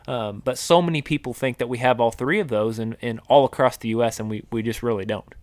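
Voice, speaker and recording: In a dry recording, a middle-aged man with a medium-pitched voice talks fast while co-hosting a casual outdoors podcast. A wildlife biologist, he explains at length, restarting often and using many fillers.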